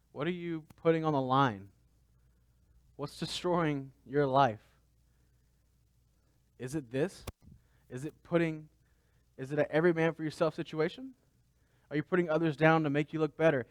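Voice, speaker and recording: A man's voice: on the high side, moderate pace, pauses often, no echo. A man pastor giving a conversational sermon, asking the congregation rhetorical questions.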